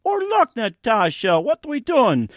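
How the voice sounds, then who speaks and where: A man putting on the voice of a scheming, excitable cartoon villain in a goofy impression. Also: moderate pace, no echo, clean studio sound, exaggerated voice. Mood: gleeful. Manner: goofy impression, jumping pitch.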